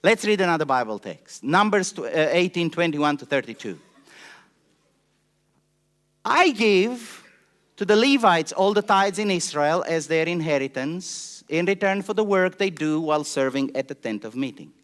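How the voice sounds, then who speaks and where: Animated, passionate male pastor preaching. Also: a little high, moderate pace. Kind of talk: sermon.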